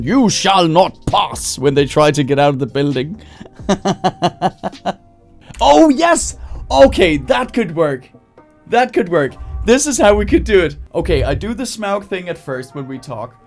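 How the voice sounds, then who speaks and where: A man working out comedy bits aloud on a live stream, his voice sitting a little high for a man. He muses and restarts, then jumps into shrill screamed lines to test a joke, with faint music behind him. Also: darkish tone. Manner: acts out bits in high screaming voices, laughs at own jokes. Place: home streaming setup.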